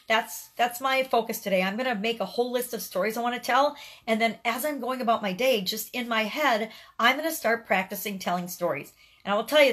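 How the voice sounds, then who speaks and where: A woman's voice: mid-range voice, fairly bright tone. Upbeat middle-aged woman vlogging. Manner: earnest and upbeat, repeats words at the start of phrases. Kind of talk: casual motivational talk to camera.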